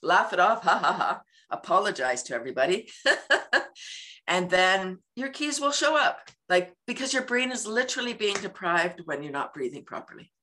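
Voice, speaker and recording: A woman's voice: medium pitch, sing-song, moderate pace, sharp tone. A woman guest talking about laughter yoga in an interview, acting out everyday scenes and laughing often. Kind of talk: casual interview talk.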